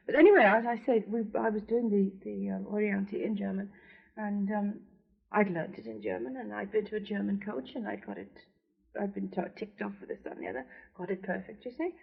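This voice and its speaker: A woman opera singer, a guest on a radio interview, telling lively anecdotes in a chatty way. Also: medium pitch, a little fast, gravelly, slightly rough. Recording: dull lo-fi 1970s radio recording.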